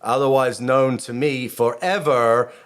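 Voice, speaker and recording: Middle-aged male rabbi host, casual monologue, mid-pitched voice, rambling and self-interrupting. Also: fairly even intonation, a little slow, smooth. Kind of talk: casual video commentary.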